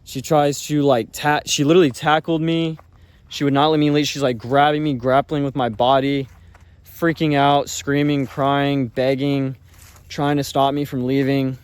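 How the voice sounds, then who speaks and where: A man's voice: medium pitch, little pitch movement, moderate pace, smooth, dry recording. A man telling a personal story in a casual, rambling way, full of fillers and swearing. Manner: rambling, filler-heavy talk with frequent swearing.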